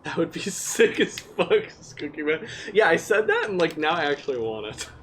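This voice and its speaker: A man's voice: a little high, sing-song, normal speed, a bit bright, a little hiss or hum. A man playing a video game on a live stream, chatting casually and laughing often. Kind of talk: casual gaming chat.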